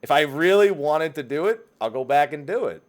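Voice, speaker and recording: A man's voice: a little high, animated, fairly quick. A man hosting a casual gaming podcast, teasing his co-hosts and laughing often. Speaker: podcast host.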